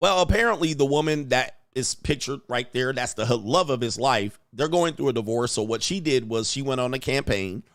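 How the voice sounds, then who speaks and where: A man hosting a casual reaction commentary, loud and mocking, full of slang and laughter. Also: medium pitch, fairly quick, few pauses, no room sound, studio quality. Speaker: commentary host.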